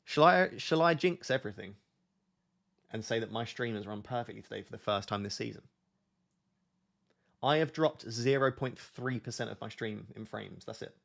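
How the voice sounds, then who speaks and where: A young British man hosts a relaxed live stream and talks easily with his chat. His voice sits on the low side and has a gravelly, fry-laden texture. He keeps a loose, conversational flow as he answers viewers. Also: normal speed, pauses often. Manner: chatty, reads chat questions aloud. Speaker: streamer host.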